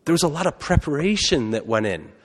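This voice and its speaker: A man's voice: fairly high pitch, big pitch swings, brisk, background noise. A man, a priest, giving a conversational sermon and often asking the congregation questions. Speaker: Catholic priest. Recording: long hall reverb.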